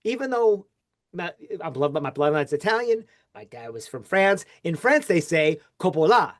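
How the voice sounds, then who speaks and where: Animated male podcast host telling a story. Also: normal speed. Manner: animated storytelling with wide pitch swings. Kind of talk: casual interview chat.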